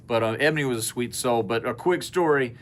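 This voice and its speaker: A middle-aged man telling a long personal story in casual podcast chat, earnest and rambling, lively when he quotes people. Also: medium pitch, brisk, a little hiss or hum. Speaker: podcast co-host. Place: indoor studio space at a co-op.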